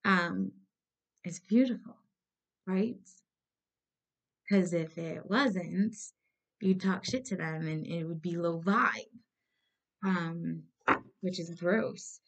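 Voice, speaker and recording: A woman with a low, gravelly voice gives a casual tarot reading straight to her viewers. She is blunt and swears freely. She hammers home her advice by saying it again and again. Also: takes it slowly, long pauses. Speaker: tarot reader.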